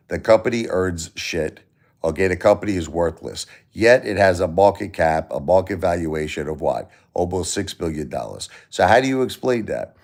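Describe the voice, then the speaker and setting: A man's voice: sits low, a little mellow. A middle-aged man hosting a casual livestream, talking bluntly, swearing freely and asking rhetorical questions. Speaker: livestream host. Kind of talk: casual livestream talk about stocks.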